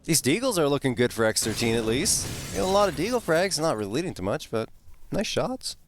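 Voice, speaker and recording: A man's voice: a little high, sing-song, a little fast. A male esports analyst talks through the match in a loose, chatty way, leaning on fillers as he goes. He speaks into a headset mic. Faint noise and occasional clicks sit underneath his voice. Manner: chatty and easygoing, full of fillers like you know. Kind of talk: live esports color commentary.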